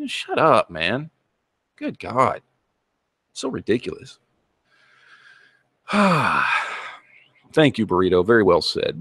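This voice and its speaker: A man's voice: medium pitch, huge pitch swings, normal speed, gravelly, pauses often, fairly bright tone, breathy edge, no echo, clean studio sound. A man hosting his own channel, delivering a heated, profane rant to camera and repeating himself as he goes. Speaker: channel host.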